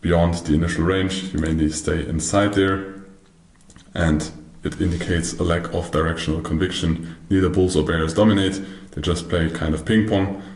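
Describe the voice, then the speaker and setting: Walking through slides in a recorded trading lesson, this man speaks methodically, often restarting and correcting himself. He has a very deep, darkish voice with a roomy sound.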